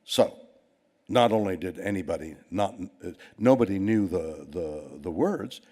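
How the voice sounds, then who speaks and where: A man's voice: sits low, animated, unhurried, dark tone. An older Canadian man telling a rambling anecdote to an audience, with many restarts and quoted voices. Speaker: award recipient giving a speech.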